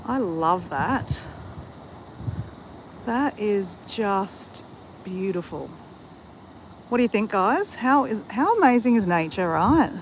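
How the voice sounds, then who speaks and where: An Australian woman holds up her phone to live-stream a coastal walk, enthusiastically talking to viewers the whole way in casual chat. She speaks slowly with long pauses and big pitch swings in a medium voice, while wind noise hits the mic outdoors.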